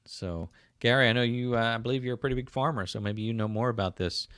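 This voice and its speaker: A man's voice: medium pitch, quick pace, a bit bright, clean tone, dry recording, studio quality. A man with a South Jersey accent hosting a casual livestream, rambling with many fillers and restarts as he answers viewer comments. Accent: South Jersey / Philadelphia. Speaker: livestream host.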